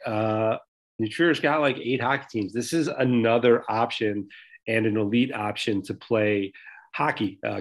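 A man co-hosting a local sports podcast, talking in a loose, conversational way with many fillers. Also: fairly low pitch. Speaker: podcast co-host. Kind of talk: casual sports podcast chat.

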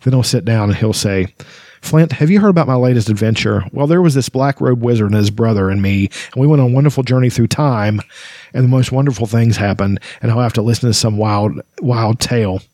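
A man reading aloud as a wise, gentle old man who is secretly a god, speaking softly and tenderly. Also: mid-range voice, fairly quick, dry recording, natural voice.

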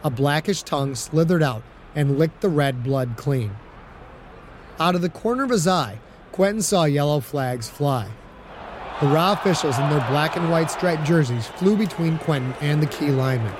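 A man narrates an audiobook with a steady storytelling delivery. His voice sits slightly higher than most men's, and a faint hum of noise lies under the recording. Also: moderate pace, some chatter behind.

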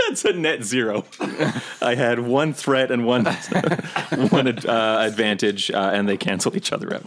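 A man's voice: mid-range voice, unhurried, a bit bright, slight background noise. A man playing in a casual tabletop game session, laughing often as he describes his character's actions. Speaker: player.

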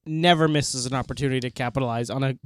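A man's voice: medium pitch, fairly even intonation, fast, clean tone, dry recording. A man who is a guest on a podcast, teasing the host with dry jokes. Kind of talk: casual podcast chat.

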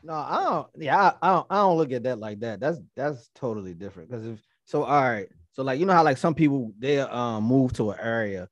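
A man's voice: mid-range voice, brisk, few pauses, no room sound, highs cut off. A man co-hosting a podcast, arguing animatedly and profanely in casual chat. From Baltimore. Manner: animated, profane, argues points with quoted voices. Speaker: podcast co-host.

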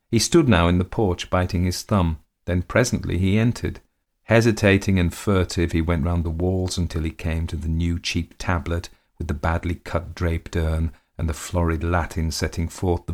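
A man reading a classic short story aloud in a measured, unhurried way. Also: sits low, darkish tone. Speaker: narrator.

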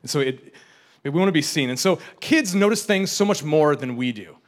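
A man's voice: a little high, lively intonation, normal speed. A young adult man preaching a casual, joking sermon, often repeating and restarting his words. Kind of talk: conversational sermon.

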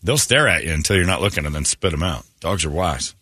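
A man's voice: low voice, lively intonation, fast talker, bright, forceful tone, slightly rough, no room sound, clean studio sound. A man hosting a morning radio show, joking loosely and rambling through crude stories with frequent laughs.

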